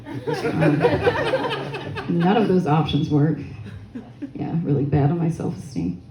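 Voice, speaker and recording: A woman's voice: low voice, fairly even intonation, slow pace. A young woman doing a stand-up comedy set, crude, rambling and self-mocking, with audience laughter behind her. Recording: echoey room with faint noise.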